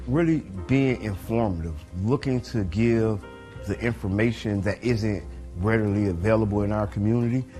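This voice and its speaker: A man co-hosting a community podcast, speaking in a measured, informative way. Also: on the low side, mellow, soft background music. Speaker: podcast co-host. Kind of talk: casual interview talk.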